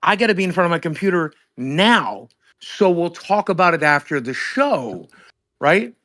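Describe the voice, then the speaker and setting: A man's voice: a little high, very animated, moderate pace, a bit bright. A man hosting a livestream, telling a heated phone-call story with lots of swearing and acted-out dialogue. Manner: profane, emphatic, acts out both sides of a phone call. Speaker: streamer host.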